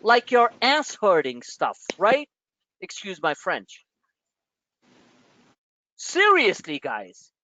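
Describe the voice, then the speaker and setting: A man's voice: sits high, huge pitch swings, takes it slowly, long pauses, bright, forceful tone, dry recording. Blunt, ranting New man. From New York. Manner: frustrated, blunt, profane, lecturing. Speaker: trading webinar host. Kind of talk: live webinar rant. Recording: dull dry lo-fi webinar audio.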